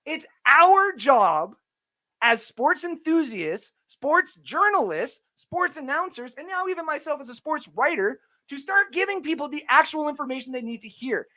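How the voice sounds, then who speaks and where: A man's voice: extremely high pitch, sharp tone. Fired-up man ranting about sports. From Canada. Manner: fired-up, profane, reads chat comments aloud. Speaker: sports podcast host. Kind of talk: livestream sports rant and chat.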